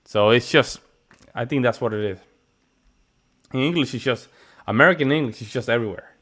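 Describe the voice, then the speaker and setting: A man hosting a reaction video, talking casually with animated interjections and repeated words. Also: mid-range voice, fairly quick.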